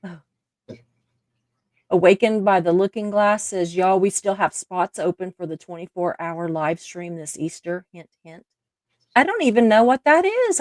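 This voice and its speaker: A woman's voice: mid-range voice, a little mellow, no room sound, studio quality. A woman with a Southern American accent hosting a casual live stream, reading viewer comments aloud and laughing often. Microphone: live stream mic.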